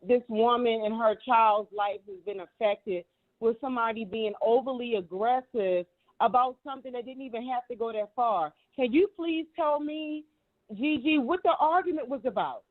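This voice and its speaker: High-voiced woman on a tinny phone line. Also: normal speed. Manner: emphatic and heated, repeats herself, curses freely. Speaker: guest commentator. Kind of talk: casual commentary.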